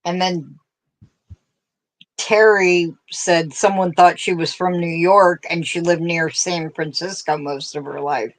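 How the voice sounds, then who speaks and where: A woman's voice: on the low side, fairly even intonation, slow pace. A woman with a central Pennsylvania accent, chatting casually on a craft livestream, laughing often and reading out viewer comments. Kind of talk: casual chat while crocheting.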